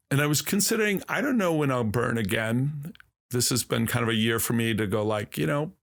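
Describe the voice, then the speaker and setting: A man telling a long, animated story as a podcast guest in casual conversation. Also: mid-range voice, creaky. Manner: slow, drawn-out, animated storytelling.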